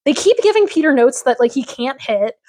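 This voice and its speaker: A woman's voice: high voice, sing-song, a little fast, dark tone. A woman co-hosting a podcast, casually recapping a TV episode in an opinionated, rambling way full of fillers. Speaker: podcast co-host.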